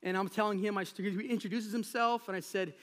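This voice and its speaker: A man preaching a sermon as pastor of a church, talking in a relaxed, conversational way and telling stories from everyday life. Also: high-pitched, fairly quick. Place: church sanctuary. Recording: long reverb of a large hall.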